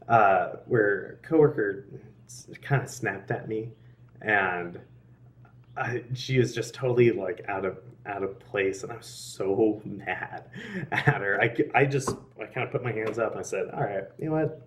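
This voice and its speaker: Recorded on a distant mic, this young interviewee speaks in a fairly low voice about his faith. His telling is casual and earnest, full of laughs, fillers, and restarts.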